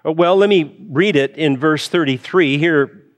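A man's voice: on the high side, measured pace. A man preaching a Bible sermon in an earnest way, repeating and restarting phrases and lifting his voice for emphasis.

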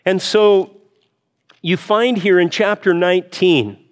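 A man's voice: high-pitched, fairly even intonation, slow. A man preaching a Bible sermon in an earnest way, repeating and restarting phrases and lifting his voice for emphasis.

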